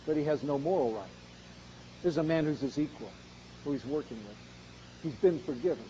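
A man preaching an expository sermon, his voice high and mellow. He speaks earnestly, pushing to loud emphasis and then dropping quiet. The sound is slightly dull. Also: slight background noise.

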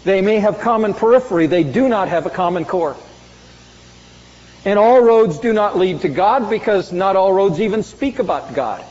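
A male pastor preaching with a high, forceful voice that swings between loud emphasis and hushed lines. The sound is dull and muffled, carrying a long reverb from a large hall. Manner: emphatic preaching, dramatic swings in pitch and volume. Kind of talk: sermon.

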